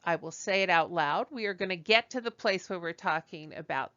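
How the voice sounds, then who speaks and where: A woman teaching a beginner French lesson, speaking slowly and deliberately and repeating words for learners. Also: lowish voice, a bit bright, dry recording, lo-fi sound.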